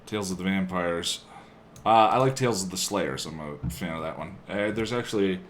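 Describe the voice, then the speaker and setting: A man's voice: deep voice, normal speed, slight background noise. A man live-streaming his video editing, chatting casually with viewers and muttering to himself while he works at a home desk.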